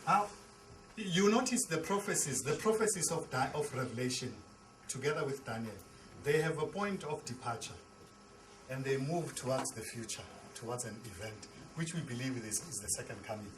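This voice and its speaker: A man's voice: medium pitch, lively intonation, moderate pace, fairly bright tone, slight background noise, rough recording. A man, a pastor, teaching a Bible class. He repeats and restarts words and asks the class questions. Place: classroom with a board.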